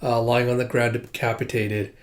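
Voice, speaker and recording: A man's voice: mid-range voice, flat delivery, moderate pace. A young man hosting a manga read-through, narrating panels casually with lots of "like" and "uh". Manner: rambling, many fillers and likes.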